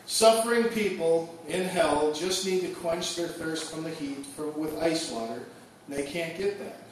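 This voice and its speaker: A man's voice: a little high, unhurried. A man performing a stand-up comedy set, telling jokey stories and acting out the people in them. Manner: jokey storytelling, acts out quoted voices. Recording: echoey room from far off, noisy.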